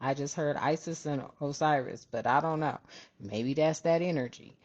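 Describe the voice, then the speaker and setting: This tarot reader speaks at normal speed in a deep, somewhat mellow voice, chatting and rambling through a casual reading for her viewers and laughing often. The sound quality is dull and lo-fi.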